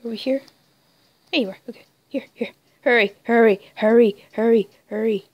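A young woman commenting on her own online game play, muttering in frustration and breaking into high squealing shouts. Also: fairly even intonation, moderate pace, no echo, lo-fi sound. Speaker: gamer playing an online wolf game. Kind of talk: casual gameplay commentary.

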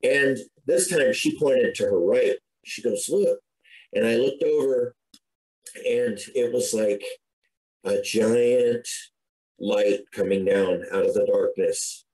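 A man's voice: medium pitch, takes it slowly, darkish tone, rough recording. Earnest middle-aged man telling his story. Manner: earnest, conversational, with frequent restarts. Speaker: podcast guest. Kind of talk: recounting a personal story.

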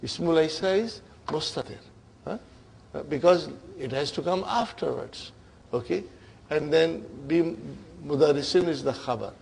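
A man's voice: on the high side, normal speed, creaky, a little mellow, slight background noise. A man teaching Arabic grammar to a class, explaining terms in English, checking in with "huh?" and "okay?" and calling students brothers and sisters. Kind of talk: classroom lecture.

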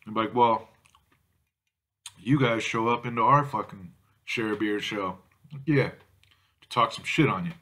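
A man's voice: lowish voice, unhurried, pauses often, bright, forceful tone. A man vlogging about drinking malt liquor, ranting angrily at viewers with constant swearing. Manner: angry, foul-mouthed, insulting. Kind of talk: profane ranting vlog.

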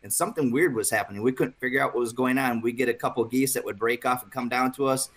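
A man talking in a relaxed podcast chat as a guest, recounting a trip in a storytelling way and chuckling as he goes. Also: medium pitch, fast talker. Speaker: hunting staff coordinator guest.

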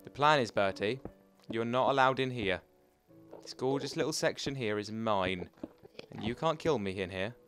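A young man giving chatty, excitable commentary over his own gameplay as host of a gaming channel. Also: mid-range voice, normal speed, soft background music.

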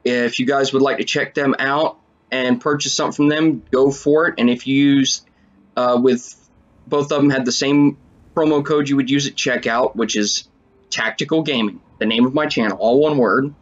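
A man giving casual commentary over a video game, excitable and swearing often as he talks to his viewers. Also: mid-range voice, moderate pace, highs cut off. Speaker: let's play gamer.

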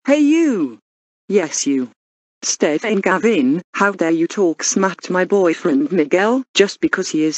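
A woman's voice: fairly low pitch, no echo. Althea Andrea, a synthetic female voice as a protective cartoon girlfriend. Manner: scolding yet comforting.

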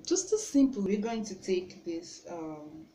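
Slow-talking Nigerian woman in an echoey room. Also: medium pitch, big pitch swings. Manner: chatty and self-conscious, often trailing off softly. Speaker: beauty vlogger. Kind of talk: casual makeup tutorial chat. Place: room at home. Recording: roomy with faint background noise.

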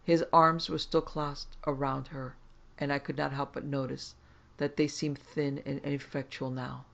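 A man reading a classic horror story aloud in measured, scripted first-person narration. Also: mid-range voice, little pitch movement, creaky, a bit bright, highs cut off.

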